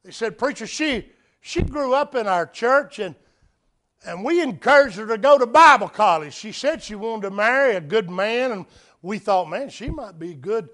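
Male preacher, high voice, storytelling sermon that drops to a hush and climbs to loud appeals. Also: animated, normal speed. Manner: dramatic swings from hushed to loud.

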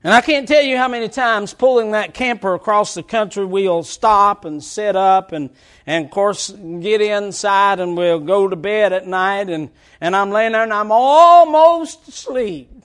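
A man preaching a sermon, swinging from shouted lines to hushed, drawn-out words, with folksy stories told through laughter. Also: sits high.

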